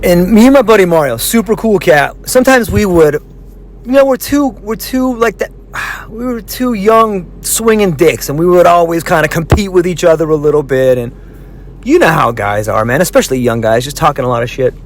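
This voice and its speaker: A man casually telling a long personal story, animated and acting out what people said, swearing freely. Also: high voice, moderate pace, a little hiss or hum. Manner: animated, acts out quoted voices, swears freely.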